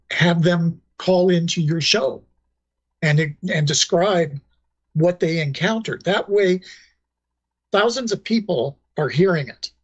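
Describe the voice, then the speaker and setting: A man being interviewed, explaining things in a measured way with frequent fillers. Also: fairly high pitch, husky, no room sound, highs cut off. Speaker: guest, former ranger and paranormal researcher. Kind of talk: casual interview talk.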